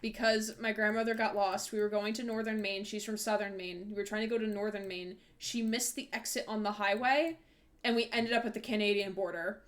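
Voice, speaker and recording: A woman's voice: medium pitch, steady tone, a little fast. A woman hosting a live game stream, chatting casually and rambling with many fillers and self-corrections. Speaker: streamer host. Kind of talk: casual chat while playing a game live.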